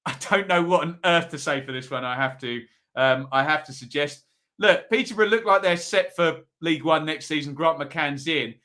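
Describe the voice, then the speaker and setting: Male host, bright-toned, casual live-chat delivery, reads comments aloud. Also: a little high. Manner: chatty, reads out viewer comments, quick asides. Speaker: football predictions show host. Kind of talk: live-stream chat with viewers.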